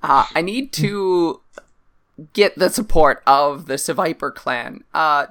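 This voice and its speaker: A tabletop player voicing a calm, diplomatic monkey-like creature envoy, speaking slowly with many fillers. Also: mid-range voice, clean tone.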